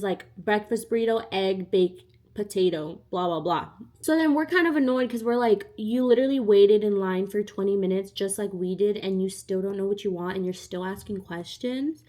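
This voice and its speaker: A woman's voice: mid-range voice, moderate pace, a little mellow. A young woman telling a storytime in a casual, chatty way, acting out the other people in her story. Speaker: vlogger.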